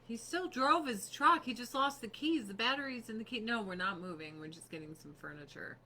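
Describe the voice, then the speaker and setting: Bright-voiced woman doing a laid-back home livestream, unhurried, a bit of faint room noise. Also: on the high side. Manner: chatty, laughs often, swears casually. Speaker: livestream host selling beauty products. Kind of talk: casual chatty livestream. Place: home on a snowy mountain.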